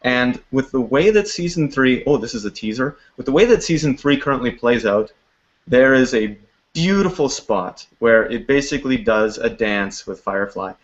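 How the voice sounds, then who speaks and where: A man's voice: mid-range voice, expressive, moderate pace. A man who makes a web series, talking in a video call interview in an upbeat, chatty way with lots of fillers. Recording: dull lo-fi call audio.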